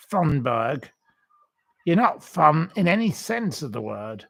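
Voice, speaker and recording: A man hosts a casual live chat, reading viewer comments and firing off blunt, repetitive insults. His voice sits a little high and carries a gravelly rasp. He talks at an unhurried, drawn-out pace. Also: sing-song.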